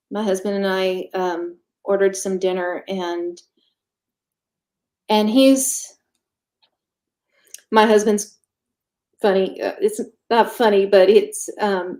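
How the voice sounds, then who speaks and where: A woman telling her own story as an interview guest, candid and matter-of-fact, pausing often and filling gaps with ums. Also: mid-range voice, a little mellow. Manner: halting, with frequent pauses and fillers. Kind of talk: casual conversational storytelling.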